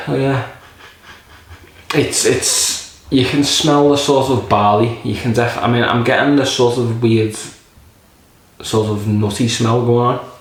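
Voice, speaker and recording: A man's voice: mid-range voice, steady tone, slow pace, pauses often, a little hiss or hum. A man casually reviewing a beer in a rambling, jokey way, swearing often. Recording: very echoey room.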